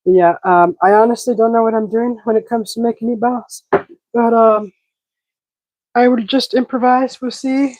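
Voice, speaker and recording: A woman chats her way through a home cooking livestream, improvising as she goes and jumping up into excited greetings. Her breathing is a bit heavy and audible. The sound is dry and close. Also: normal speed, no room sound, muffled recording. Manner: chatty, improvising, bursts into excited high squeals greeting chat. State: breathing heavily. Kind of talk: casual cooking livestream chat.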